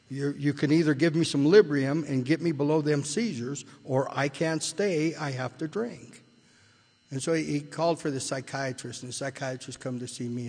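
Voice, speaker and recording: Older man telling his recovery story in a hall. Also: fairly high pitch. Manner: rambling storyteller, repeats and restarts, rises when retelling. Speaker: AA speaker sharing his story. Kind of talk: recovery meeting talk. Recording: long hall reverb.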